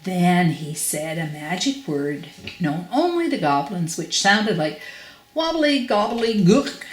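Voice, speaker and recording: An older woman reads a children's story aloud with a lowish voice. Her delivery is expressive and emphatic, and the room adds a noticeable echo. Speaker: grandparent reading aloud.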